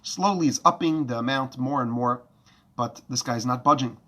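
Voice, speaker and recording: A male Torah teacher telling a story with lively, animated delivery. His voice is bright and forceful and sits at a middle pitch. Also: moderate pace. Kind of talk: storytelling lesson.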